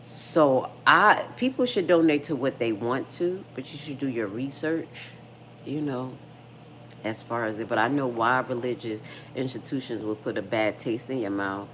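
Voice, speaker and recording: A woman's voice: a bass voice, moderate pace, fairly bright tone, slight background noise. A middle-aged woman hosting a casual livestream, frank and slangy, talking straight to her viewers and reading their comments. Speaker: livestream host.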